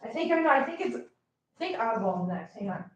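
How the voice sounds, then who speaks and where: A middle-aged woman hosting a casual live stream, chatty and animated, greeting viewers by name as she chats. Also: fairly high pitch, normal speed, highs cut off, slight background noise. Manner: chatty and animated, reads viewer comments aloud. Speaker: livestream host. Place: home, indoors. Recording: echoey room.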